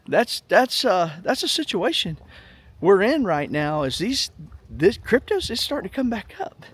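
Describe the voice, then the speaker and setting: A man's voice: high-pitched, a little hiss or hum. A middle-aged man giving casual, rambling money commentary in a vlog, emphatic and folksy, often repeating himself. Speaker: finance vlogger.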